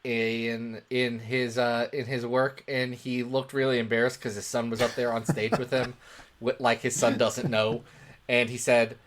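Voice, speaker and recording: A man's voice: mid-range voice, a little slow, a little hiss or hum. A man co-hosting a comics podcast, telling jokey stories in casual chat. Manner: animated, joking, storytelling. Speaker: podcast co-host.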